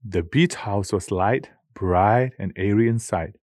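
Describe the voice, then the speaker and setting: A man with a fairly low voice narrates a storybook in a measured, expressive way. The recording is close and dry, with no room sound. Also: no room sound. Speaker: audiobook narrator. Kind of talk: scripted narration.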